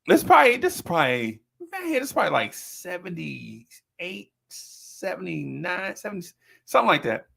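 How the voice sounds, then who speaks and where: A man in his fifties telling stories in a casual chat, animated and slangy, laughing often. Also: sits high, normal speed, vocal fry, husky.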